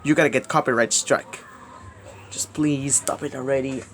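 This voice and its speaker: A man making a rambling direct-to-camera plea, repetitive and halting, swinging between loud outbursts and mumbling. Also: medium pitch, fairly even intonation. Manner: halting, restarts words often. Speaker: video creator.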